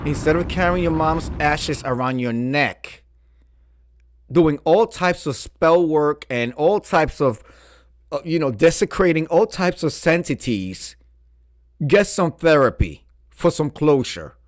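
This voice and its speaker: A man's voice: mid-range voice, takes it slowly, dry recording, clean studio sound. A man hosting a casual show, reading confessions aloud with campy, sassy asides. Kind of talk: casual chat.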